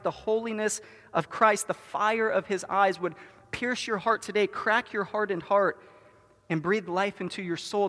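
A man with a high voice delivers an earnest sermon in a church sanctuary. He draws out key words and falls to a near hush for his most solemn appeals. His voice trails off in a long hall reverb. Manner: earnest preaching, drawn-out stressed words, softening to a hush. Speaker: pastor.

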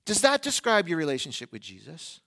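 A man's voice: a little high, wildly swooping pitch, fairly quick, a bit bright. A male pastor delivering a sermon who asks the congregation questions and briefly acts out their replies.

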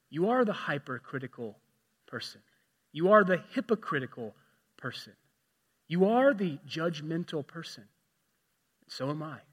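A man preaching a sermon, swinging from loud emphatic passages to hushed asides. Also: on the high side, sing-song, moderate pace, long reverb tail. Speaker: pastor.

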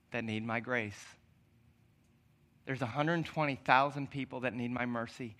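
A man preaching a sermon, voicing God in a hushed, gentle, pleading way. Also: medium pitch, pitched below the performer's own voice, lightly acted. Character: God, a tender, pleading divine male voice.

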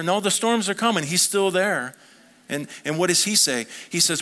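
A man's voice: high-pitched, moderate pace, sharp tone. A man preaching a sermon as a pastor, talking conversationally and asking the congregation questions.

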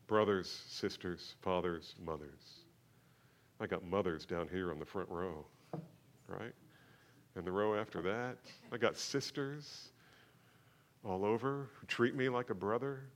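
A man's voice: low voice, a little slow, long pauses, a little hiss or hum. Man preaching a sermon. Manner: builds from quiet talk to loud emphatic preaching. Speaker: pastor. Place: church sanctuary.

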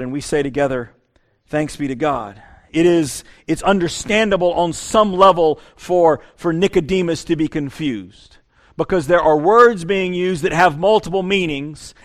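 A pastor preaching a conversational sermon, often repeating words as he restarts his sentences. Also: high-pitched.

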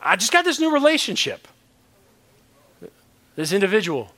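A man's voice: high voice, huge pitch swings, normal speed, bright, forceful tone, pitched above the performer's own voice, full character voice. A man doing a whiny churchgoer making excuses. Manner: whiny, rambling, hesitant.

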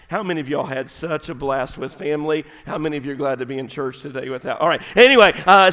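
Middle-aged man preaching a folksy sermon, voice on the higher side, long church reverb. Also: clean tone. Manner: folksy, animated storytelling with sudden drops to quiet, intimate delivery. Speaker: pastor. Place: large church sanctuary.

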